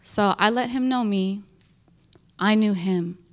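A woman tells her personal faith story slowly and earnestly. She speaks in halting runs, fills her sentences with "like" and often restarts them. Her pitch sits in a middle range for a woman. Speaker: churchgoer giving a testimony.

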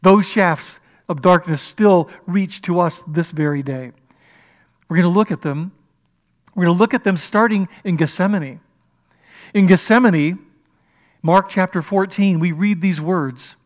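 A man preaching a sermon with passion, moving between loud declarations and hushed, intimate passages. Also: high-pitched, measured pace. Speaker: pastor.

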